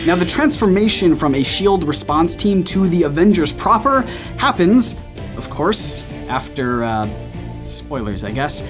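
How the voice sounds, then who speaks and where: A man's voice: fairly high pitch, sing-song, a little slow. A man hosting a scripted commentary video, speaking in a playful and self-mocking way. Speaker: video essay host. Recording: faint music behind.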